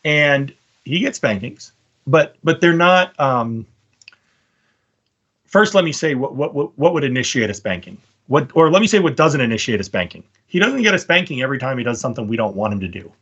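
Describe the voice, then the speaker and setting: A man's voice: medium pitch, big pitch swings, a little fast, fairly bright tone, breathy edge, dull audio. A man hosting a casual debate, making his points through stories and often checking in with "right?". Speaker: podcast host debating a guest.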